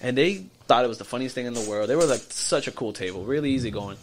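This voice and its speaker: Animated male storyteller, mid-pitched. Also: fast, a little hiss or hum. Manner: animated storyteller who acts out the people in his story; repeats words and restarts as he talks. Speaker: podcast guest. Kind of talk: casual storytelling over drinks.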